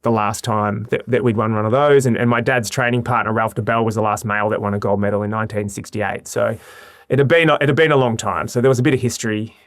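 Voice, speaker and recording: An Australian man in his forties, a podcast guest, telling animated stories in casual chat. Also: lowish voice, fast, no echo, studio quality. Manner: animated storyteller, lively anecdotes.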